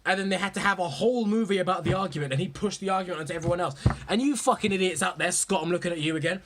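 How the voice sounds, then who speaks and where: A young man ranting about movies in a profane, excitable, rambling way. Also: high voice, very fast, background noise. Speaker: movie vlogger. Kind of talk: casual ranting commentary.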